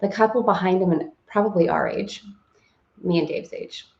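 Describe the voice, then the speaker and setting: A woman's voice: on the low side, moderate pace, vocal fry. Woman, forties, effusive live-stream host, chatty storytelling, roomy echo, slightly dull sound. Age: 40s. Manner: effusive, greets viewers by name, laughs often.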